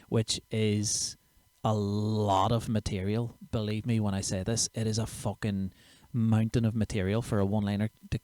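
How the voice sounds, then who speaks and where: A man's voice: on the low side, darkish tone, no echo. A man, a comedian chatting casually and sweary on his own livestream show. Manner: chatty, sweary, self-mocking. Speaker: comedian and podcast host.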